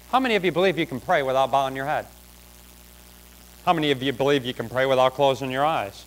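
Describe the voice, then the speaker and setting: A man preaching a sermon, emphatic and swinging between loud exhortation and quiet, hushed asides. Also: mid-range voice, fast talker, poor audio. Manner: emphatic, drops to a hush for asides.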